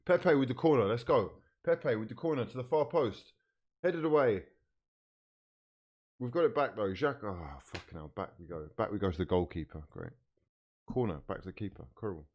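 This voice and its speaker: Man, fan streamer, animated and swinging in pitch, swearing through a match watchalong. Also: normal speed. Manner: frustrated, swearing, bursts of shouting at players. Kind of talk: live match watchalong reaction.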